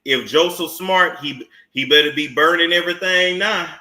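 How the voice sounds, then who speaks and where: A man's voice: a little high, normal speed, sharp tone, roomy sound. A man hosting celebrity gossip commentary, with a sassy, mocking, drawling way of talking. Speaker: commentary channel host.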